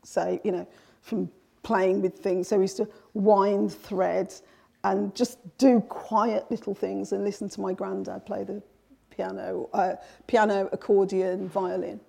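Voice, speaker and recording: Gravelly-voiced woman recalling her childhood. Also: mid-range voice, level tone, measured pace, dark tone. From England. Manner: reflective storytelling with frequent restarts. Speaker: author, guest. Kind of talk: conversational interview.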